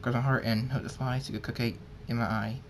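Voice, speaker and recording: A man voicing a solemn, loyal male pony lord in a home-read fan story, with halting restarts. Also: mid-range voice, steady tone, a little hiss or hum, lightly acted, rough recording.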